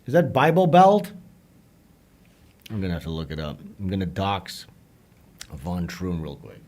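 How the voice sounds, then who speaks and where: Low-voiced livestreamer joking around. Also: male voice, expressive, a little slow, a little mellow. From Netherlands (Limburg). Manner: loose, joking, switches into Dutch and German. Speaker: livestream host. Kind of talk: casual livestream chat with viewers.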